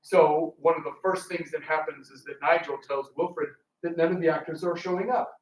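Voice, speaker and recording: A man explains his radio theatre company's stage show to a library audience, now and then acting out lines from the play. His voice sits a little high. He sounds distant, caught from across an echoey room. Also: steady tone, normal speed, slight background noise. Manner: acts out quoted lines from the play. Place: public library event room.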